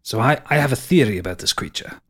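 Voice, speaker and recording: A man's voice: medium pitch, lively intonation, fast. Man narrating a tabletop game. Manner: restarts sentences, many fillers. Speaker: game master.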